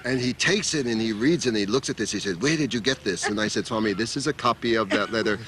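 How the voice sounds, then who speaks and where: An older American man telling a personal story to a group in a casual, animated way, laughing often and acting out the people he quotes. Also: lowish voice, fast talker. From United States. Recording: noisy room ambience.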